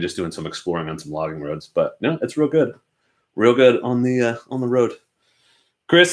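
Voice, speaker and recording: This is a young adult motorcycle channel host from Oregon, United States, answering viewers casually from his home garage with self-deprecating humor. He has a fairly low pitch and a fairly bright tone.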